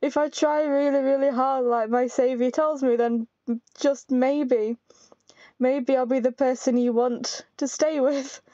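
A woman's voice: high voice, fairly even intonation, measured pace, mellow, no echo, lo-fi sound. A woman reading a timid, clingy young man. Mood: pleading. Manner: pleading, apologetic.

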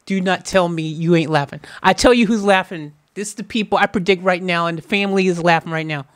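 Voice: medium pitch, fast, no echo, clean studio sound. A music reaction host in casual commentary, joking and teasing the viewers in a playful way. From United States.

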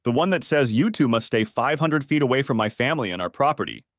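A man's voice: mid-range voice, expressive, fast, fairly bright tone, dry recording, close to an everyday voice. A protective, no-nonsense father who gives firm orders, his voice rising and falling with feeling. A man acts him out, read close to the mic with a dry sound. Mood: stern. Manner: firm, commanding. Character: protective, stern father of a grown son.

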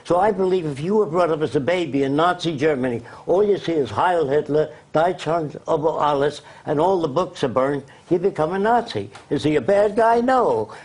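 A man with a husky, slightly high voice holds forth as an interview guest. He is blunt and emphatic, firing off lists of points in a lecturing rhythm that barely pauses for the interviewer. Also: animated, a little mellow. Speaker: interview guest, social designer.

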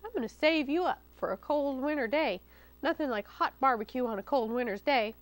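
A woman's voice: high voice, lively intonation, brisk, dry recording. A woman voicing a sly, hungry male fox villain in a storybook, with curt, menacing lines.

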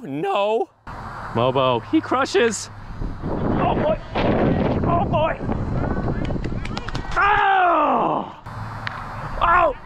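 A man giving excited, joking play-by-play of a softball game from an outdoor field, filmed by a camera on a tripod. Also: very high voice, vocal fry, slight background noise. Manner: excitable, joking, yelps and exclamations. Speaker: vlogger and softball player.

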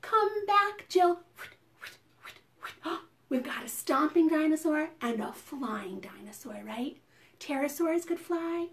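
A woman children's librarian leading a preschool storytime, reading and chanting rhymes in an animated, sing-song way. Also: high-pitched, slow, slight background noise.

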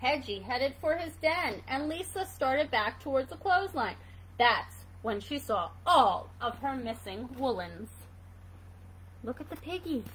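A woman reading a storybook aloud for children, high and bright. She takes her time and swings her pitch widely, pausing to wonder about the pictures. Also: slight background noise, rough recording. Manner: animated, asks questions about the pictures. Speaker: reader for children.

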